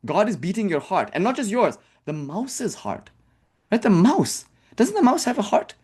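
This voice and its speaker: A man giving a spiritual talk in a casual, animated way, with many fillers and sarcastic rhetorical questions. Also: sits high, normal speed, breathy edge. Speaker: spiritual teacher. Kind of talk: impassioned talk.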